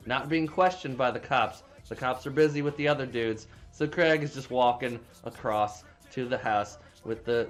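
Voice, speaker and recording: A man casually recapping a movie plot, rambling with frequent restarts and plenty of swearing. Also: mid-range voice. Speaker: movie reviewer.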